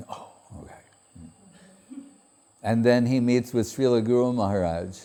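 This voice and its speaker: A man with a mellow, relaxed voice gives a spiritual talk as a story. He quotes others in a raised, higher voice and laughs often along the way. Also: slow pace. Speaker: spiritual speaker.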